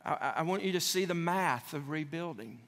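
A man's voice: on the high side, expressive, a little fast, a bit bright. A man preaching a sermon as pastor, repeating key phrases for emphasis with conversational asides to his congregation. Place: church sanctuary. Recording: long hall reverb.

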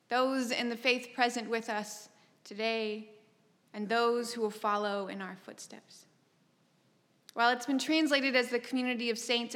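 A woman's voice: fairly high pitch, fairly bright tone. Woman preaching in a reverberant hall. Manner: measured and emphatic, with wry asides. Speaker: pastor. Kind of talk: sermon. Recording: long reverb from a large hall.

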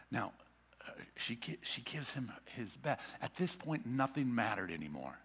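A man preaching a sermon as a pastor, swinging from loud urging to hushed whispers and repeating words as he builds. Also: mid-range voice, very animated, moderate pace, husky, big-room sound.

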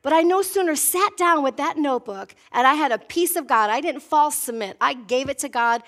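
A middle-aged woman pastor from Wisconsin preaching a sermon, telling a personal story with lively acted-out dialogue. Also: high voice, a little fast. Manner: animated storytelling preacher, voicing herself and God in dialogue.

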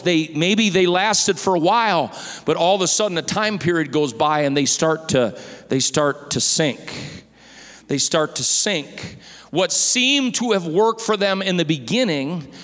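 A male pastor preaching a sermon in a church, impassioned and rising to shouted pleas. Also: sits high, long reverb tail.

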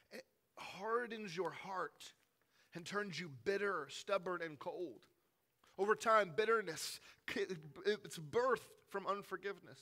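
Man, pastor, bright tense tone, fairly high voice, sermon, conversational and emphatic. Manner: conversational, emphatic preaching, swinging between forceful and hushed.

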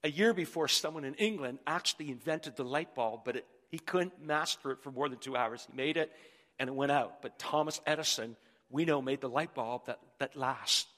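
A man's voice: mid-range voice, moderate pace, a bit bright. Emphatic male preacher in a reverberant hall. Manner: emphatic preaching with repeated words. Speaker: pastor. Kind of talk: sermon. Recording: long reverb in a large hall.

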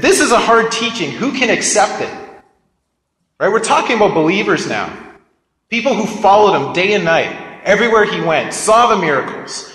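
A man's voice: high-pitched, fairly bright tone. A man preaching a sermon and reading scripture, talking conversationally and prodding his listeners with asides. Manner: conversational, keeps prodding listeners with "get this" and "right?". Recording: echoey reverberant hall.

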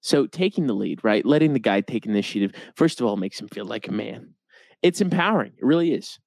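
A man's voice: on the low side, expressive, brisk, creaky, a little mellow, dry recording. A young man co-hosting a podcast, chatting casually with a dry, joking manner. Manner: dry, joking, puts on goofy voices. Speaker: podcast co-host. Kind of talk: casual comedic chat.

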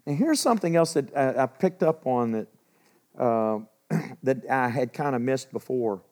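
A man teaching from the Bible in a relaxed, conversational way, often clearing his throat and asking the listeners questions. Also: medium pitch, a little slow.

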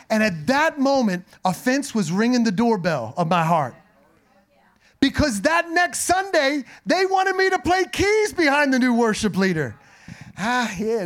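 A middle-aged man preaches a sermon in a high, slightly raspy voice. He tells stories in a loose, conversational way, full of playful asides to the congregation. His pitch sits noticeably above most men's. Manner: conversational, humorous, animated asides. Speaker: pastor. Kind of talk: sermon with storytelling.

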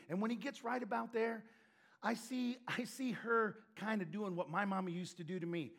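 A male preacher with a very high, husky voice delivers a lively sermon. He tells stories and now and then shouts a line for emphasis. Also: a little fast. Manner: animated storytelling with shouted emphasis and laughs.

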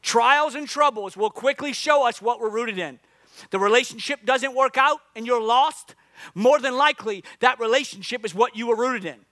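Animated high-voiced man preaching. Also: moderate pace, dry recording. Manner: animated storytelling, breathless acted gasps. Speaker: pastor. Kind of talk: sermon with comic story.

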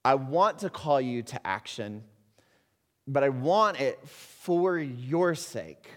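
Earnest pastor preaching in a reverberant hall. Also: male voice, medium pitch, animated, takes it slowly. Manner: earnest, swings between soft confiding and loud exhortation. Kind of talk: sermon.

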